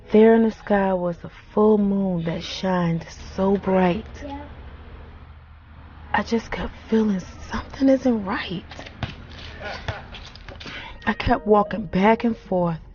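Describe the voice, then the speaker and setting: An actress playing a grieving wife who remembers her late husband, speaking in a reflective, halting, soft-spoken way. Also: mid-range voice, lo-fi sound, slight background noise. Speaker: grieving widow. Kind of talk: film monologue.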